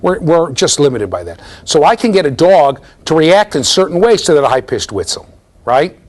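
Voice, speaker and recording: A middle-aged man giving a university lecture, animated and storytelling, often checking in with the class. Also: a little high, normal speed. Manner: animated storytelling, mimics voices, asks the class "right?". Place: lecture hall.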